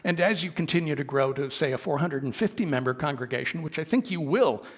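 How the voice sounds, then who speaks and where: A man's voice: fairly high pitch, expressive, fast, slightly rough. A man giving a sermon as a minister, speaking earnestly and conversationally with small asides. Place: sanctuary of a congregation. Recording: long reverb of a worship hall.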